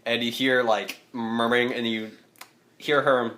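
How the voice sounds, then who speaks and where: Bright-voiced male game master. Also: medium pitch, level tone, measured pace. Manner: chatty, laughs often. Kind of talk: narrating a tabletop game.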